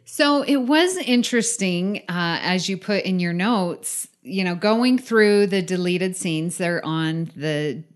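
Female podcast co-host, lowish voice, friendly and giggly. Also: animated, slow pace, hardly any pauses. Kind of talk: casual chat.

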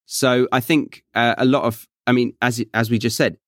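A young man with a neutral Southern British accent, hosting a podcast and chatting in a relaxed, thoughtful way with some self-corrections. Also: medium pitch, moderate pace, no room sound, studio quality. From England. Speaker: podcast host. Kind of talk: casual chat.

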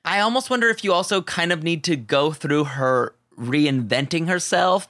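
A man hosting a casual podcast chat, playful and quick to react with enthusiasm. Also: fairly high pitch, fairly bright tone, no room sound.

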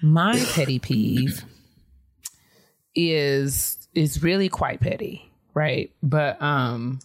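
A woman co-hosts a relaxed podcast conversation, her voice sitting somewhat low. She tells stories with energy and acts out the lines of the people in them. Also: drawn-out words. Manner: animated storyteller, acts out quotes with laughter. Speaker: podcast co-host. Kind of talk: casual chat.

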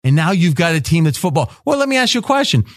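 A man's voice: fairly high pitch, very animated, no echo, studio quality. Pushy, quizzing male sports host. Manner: pushy, rapid-fire questioning, interrupts. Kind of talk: sports betting roundtable chat.

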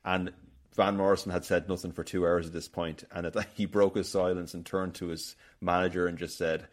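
A man's voice: deep voice, little pitch movement, brisk. An Irish man hosting a casual film podcast, rambling and telling stories with lots of restarts. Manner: chatty, rambling, storytelling with many restarts. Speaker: podcast host.

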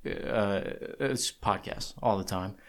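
Give me a man co-hosting a podcast at a table mic, with a somewhat low voice. He talks with joking enthusiasm, riffing freely in casual chat. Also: slow. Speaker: podcast co-host. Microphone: studio podcast mic across a table.

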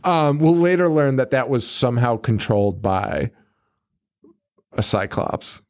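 Guy on a horror podcast, super lively up and down voice, keeps cracking up and swearing. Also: medium pitch. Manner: laughs often, swears, acts out characters in quick voices. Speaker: podcast co-host. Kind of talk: casual movie recap chat.

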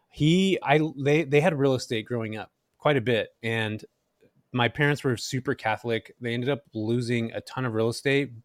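A man in his thirties from Central Valley, California, a podcast guest telling his story in an animated way and acting out quoted lines. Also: mid-range voice, no room sound, studio quality. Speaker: guest, real estate investor.

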